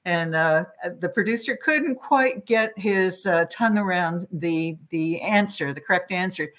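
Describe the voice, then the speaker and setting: A woman talking as an interview guest, chatty and lively as she tells stories. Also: on the low side, unhurried. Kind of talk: casual interview chat.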